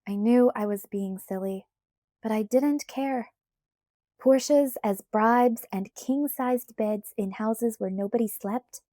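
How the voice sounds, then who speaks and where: A woman reading a novel aloud in the first person, with measured, even storytelling on a close mic. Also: a little high, no room sound. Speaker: audiobook reader.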